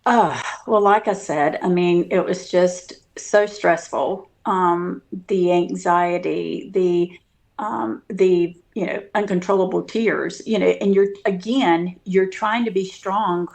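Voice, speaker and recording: A woman's voice: fairly low pitch, fairly even intonation, takes it slowly, vocal fry, darkish tone. A woman guest telling a personal story in casual interview talk, earnest and full of fillers and restarts.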